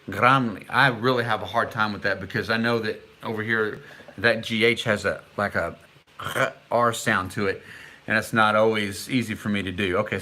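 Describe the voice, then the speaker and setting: Bright-voiced middle-aged man chatting on a live stream. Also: fairly low pitch. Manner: chatty, reads viewer comments aloud; sounds out foreign words haltingly. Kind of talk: casual live-stream chat.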